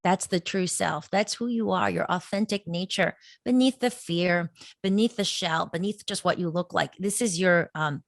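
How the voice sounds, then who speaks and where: A woman with a lower voice speaks earnestly and at an easy flow as a podcast guest, laughing now and then. The sound is dry and close, with no room behind it. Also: moderate pace, gravelly, no echo. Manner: earnest, flowing, laughs often. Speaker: podcast guest, meditation teacher. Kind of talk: casual interview talk.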